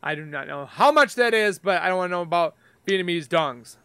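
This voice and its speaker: A man's voice: high-pitched, animated, a little fast, pushed and bright, smooth. Panicky, screaming gaming YouTuber man. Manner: jumpy, panicky, screams and rambles. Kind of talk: live gameplay commentary.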